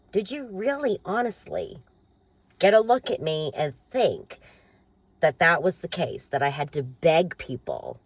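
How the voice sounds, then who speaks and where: Bitter woman venting, lively pitch. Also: no echo. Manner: bitter, indignant, swearing, repetitive. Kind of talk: emotional personal venting. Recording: noisy with vehicle sounds behind.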